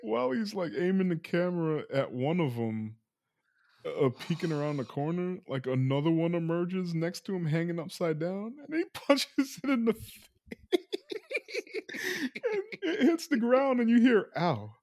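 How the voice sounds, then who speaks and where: A man's voice: sits high, animated, normal speed, darkish tone, dry recording, clean studio sound. A man hosting a podcast, casually retelling a film plot and laughing often as he goes. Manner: laughs often while retelling, loose and playful. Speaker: podcast host recapping a film. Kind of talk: casual chat.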